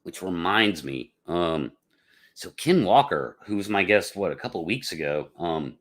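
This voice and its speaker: Deep-voiced laid-back man. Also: animated, normal speed. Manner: rambling and laid-back, with many fillers. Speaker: podcast host chatting with live viewers. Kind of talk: casual livestream chat.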